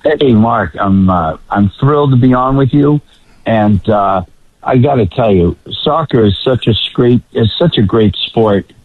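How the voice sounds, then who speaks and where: A man's voice: medium pitch, a little slow, dry recording. Male radio guest, faint Boston accent, phone-line sound, dry. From Boston area. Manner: relaxed, hesitant. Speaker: guest commentator. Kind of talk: casual radio chat.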